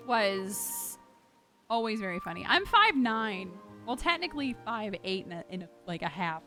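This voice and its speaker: A young woman streaming a video game live, chatting casually to her viewers with excitable, loud outbursts. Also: medium pitch, normal speed. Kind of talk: casual live-stream chat while gaming. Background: game music.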